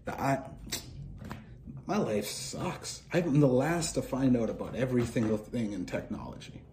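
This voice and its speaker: Rambling, profane young man with a dark voice. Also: medium pitch, moderate pace, slight background noise. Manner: profane, scattered, stream-of-consciousness. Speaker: podcast host. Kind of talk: rambling solo monologue.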